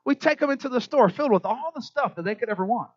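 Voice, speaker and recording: A middle-aged man preaches in an animated way, slipping into playful voices for children and parents. His voice sits high. The recording is dry and a little dull. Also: quick pace, no room sound. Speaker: pastor. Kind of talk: sermon.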